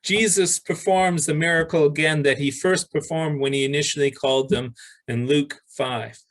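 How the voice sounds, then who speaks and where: A male pastor preaching a sermon, reading scripture aloud with pauses and restarts. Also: fairly high pitch, steady tone, a bit bright, low-quality recording.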